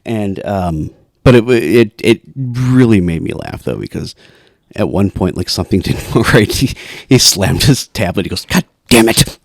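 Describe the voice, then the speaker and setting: A man's voice: fairly low pitch, animated, normal speed, vocal fry, dry recording, studio quality. A man co-hosting a podcast, telling a long story in a rambling way with lots of restarts and laughs. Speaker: podcast co-host. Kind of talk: casual storytelling chat.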